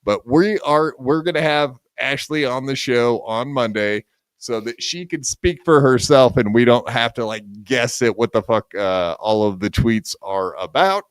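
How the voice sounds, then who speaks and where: A man's voice: mid-range voice, a little slow, clean tone, dry recording. A man hosting a podcast, trading sarcastic, profane jabs with his co-host in casual banter.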